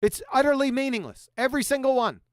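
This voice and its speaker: A man's voice: very high-pitched, fast talker, clear, resonant tone, dry recording, clean studio sound. A man hosting a livestream in a combative, sarcastic way, reading quotes aloud and mocking them. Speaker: host.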